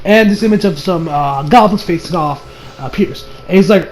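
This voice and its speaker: A young man giving a casual, excitable anime review, swearing and laughing often. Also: sits high, normal speed, slight background noise.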